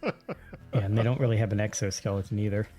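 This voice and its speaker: A man's voice: fairly low pitch, fairly even intonation, quick pace, warm tone, husky. A man playing a tabletop game, thinking aloud and laughing through his turn. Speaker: player.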